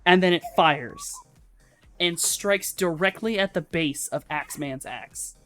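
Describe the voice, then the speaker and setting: Unhurried woman narrating as game master. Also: lowish voice, fairly bright tone, soft background music. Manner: loose and profane, halting with fillers.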